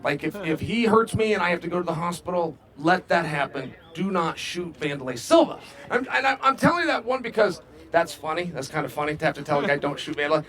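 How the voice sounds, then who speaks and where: High, sharp-voiced boastful trash-talking man. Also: animated, fast talker, hardly any pauses. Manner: boastful, playful, rhyming taunts. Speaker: fighter at open workout. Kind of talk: trash-talking press chat.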